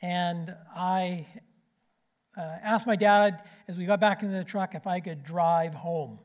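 A man, preaching a sermon with a folksy personal story, swinging between loud and hushed. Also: high voice, fairly even intonation, a little slow, highs cut off.

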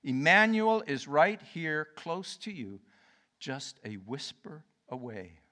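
A male pastor preaching a sermon, swinging between loud declarations and near-whispers. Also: medium pitch.

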